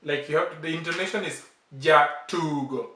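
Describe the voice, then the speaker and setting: A man's voice: on the high side, lively intonation, a little slow, sharp tone, reverberant, a little hiss or hum. A man teaching a language lesson in a casual way, coaching and correcting pronunciation with emphatic repeats.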